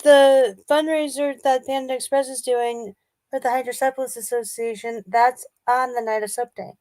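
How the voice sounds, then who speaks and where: A woman's voice: high-pitched, fairly even intonation, normal speed, darkish tone, no echo. A woman co-hosting a casual show, telling rambling stories and playfully defending herself. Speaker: co-host. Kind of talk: casual chat.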